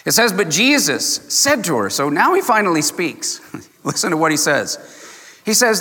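Male pastor, sermon, bright voice, emphatic, slows to stress words, long church reverb. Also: sits high, sing-song.

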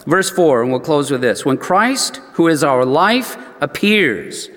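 An older man preaching in a church with a slightly high voice. He tells the story in an easy, conversational way and lively acts out the people he quotes. His voice rings with the long reverb of a big hall. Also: unhurried. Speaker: pastor. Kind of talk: sermon storytelling.

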